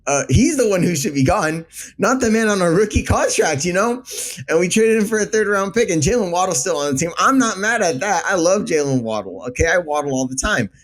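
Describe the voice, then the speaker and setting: A man's voice: high voice, expressive, brisk. A man co-hosting a casual sports chat, emotional and exasperated, with frequent stammering restarts. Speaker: co-host.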